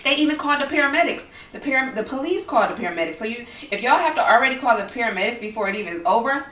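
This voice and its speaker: A woman's voice: on the high side, expressive, racing, pushed and bright, reverberant, far from the mic, slight background noise. A woman vlogging while she eats, talking bluntly and angrily about the news and swearing often. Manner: blunt, heated and profane. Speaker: mukbang vlogger. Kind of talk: angry opinion talk while eating.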